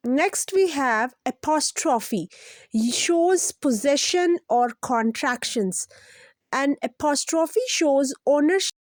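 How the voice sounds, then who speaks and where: A woman hosting a children's lesson, explaining each point slowly and simply, repeating it and asking the kids to guess. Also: high voice, no echo, clean studio sound. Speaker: children's teacher, channel host.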